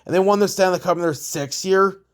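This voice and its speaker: A man's voice: high voice, brisk. Blunt young man ranting casually. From Canada. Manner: blunt and profane, rambling with restarts. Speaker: hockey vlogger. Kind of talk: casual opinion rant.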